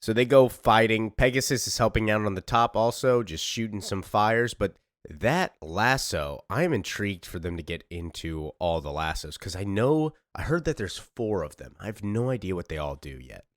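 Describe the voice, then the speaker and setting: An excitable man recaps a comic in a casual way, getting emotional about the story. His voice is on the low side. The recording is dry and close, with no room sound. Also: normal speed, no room sound. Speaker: comic book reader and youtuber.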